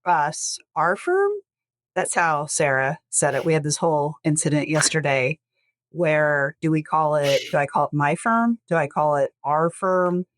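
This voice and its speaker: A woman's voice: deep voice, normal speed, a little hiss or hum. A woman hosting a casual podcast, rambling with self-corrections and jokes. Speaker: podcast host, estate lawyer.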